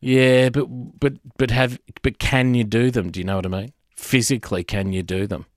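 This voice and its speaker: A man, co-hosting a radio show, making teasing jokes and quick quips. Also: mid-range voice, steady tone, no room sound, clean studio sound. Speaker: radio co-host. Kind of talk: casual radio banter.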